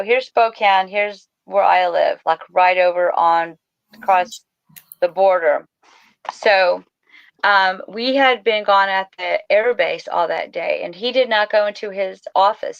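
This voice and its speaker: A woman's voice: medium pitch, a bit bright, clean tone, no room sound, lo-fi sound. A middle-aged woman telling a personal story as a podcast guest, rambling and emotional, near tears. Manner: emotional, rambling, tearful at times. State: crying.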